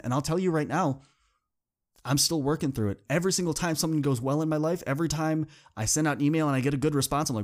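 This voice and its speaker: A man's voice: a little high, fast. A young man hosting a podcast, speaking earnestly in a motivational monologue that builds into impassioned repetition. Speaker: podcast host.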